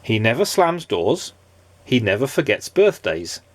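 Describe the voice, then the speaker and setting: A dad reads a children's storybook aloud in a dry, close recording. His voice swoops up and down with lively expression, and his pitch sits in the middle range. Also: a little slow, dry recording. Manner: expressive, playful reading.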